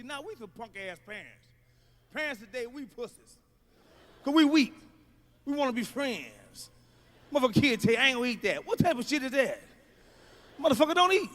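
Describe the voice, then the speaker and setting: High, bright-voiced man doing profane stand-up. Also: slight background noise. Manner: loud, profane, storytelling with acted-out voices. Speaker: stand-up comedian. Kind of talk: stand-up routine. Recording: archival stand-up clip.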